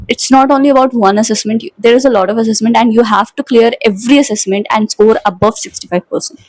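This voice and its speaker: A woman's voice: on the high side, steady tone, fast talker, a little mellow, dry recording, low-quality recording. A young woman in her twenties with an Indian English accent, chatting casually to her vlog viewers and slipping Hindi words into her English. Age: 20s. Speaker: vlogger. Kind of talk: casual chat.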